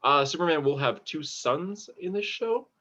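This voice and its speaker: A man hosting a casual podcast, running through the week's news in a relaxed, rambling way. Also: a little high, moderate pace, lo-fi sound. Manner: relaxed, newsy, rambling with fillers. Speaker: podcast host.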